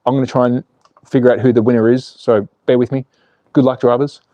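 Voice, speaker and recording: A man's voice: medium pitch, level tone, brisk, no room sound, muffled recording. A man hosting a live stream, joking with viewers and calling a toy car race in a chatty, jokey way. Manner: jokey, chatty, reads viewer comments aloud. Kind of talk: live race commentary and chat.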